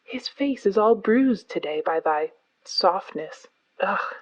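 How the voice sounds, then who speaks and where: A woman voicing a proud, sceptical panther who speaks slowly, quietly and mockingly in a storybook reading. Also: medium pitch, expressive, poor audio. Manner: slow, quiet, measured, mocking. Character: proud, cool black panther, dry and sceptical.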